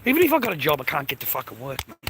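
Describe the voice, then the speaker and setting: High, bright-voiced Australian man rambling. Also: wildly swooping pitch, very fast, slight background noise, low-quality recording. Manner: loose and rambling, swears constantly, calls listeners mate and bro. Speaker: vlogger. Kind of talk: rambling casual monologue to camera.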